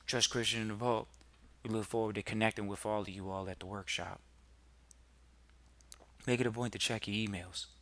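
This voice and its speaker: A man hosting a podcast, giving a motivational talk full of rhetorical questions to listeners and building to loud emphatic peaks. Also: on the low side, steady tone, moderate pace, pauses often, no echo. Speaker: podcast host.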